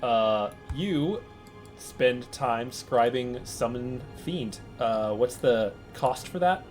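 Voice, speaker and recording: A man narrating as game master in a relaxed way, with loose fillers and chuckles. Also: medium pitch, extremely slow, faint music behind.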